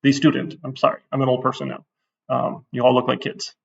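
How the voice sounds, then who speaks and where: A man's voice: medium pitch, monotone, brisk, vocal fry, far from the mic, highs cut off, slight background noise. Blunt, chatty male lecturer. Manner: blunt, chatty, gets worked up. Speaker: university instructor. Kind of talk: course intro lecture, livestreamed.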